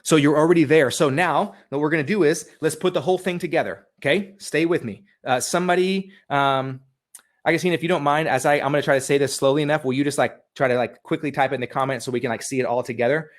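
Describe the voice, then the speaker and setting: A man giving an energetic motivational webinar talk from home, repeating questions to coach his listeners. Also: a little high, quick pace. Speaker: webinar speaker. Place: home room with a dog.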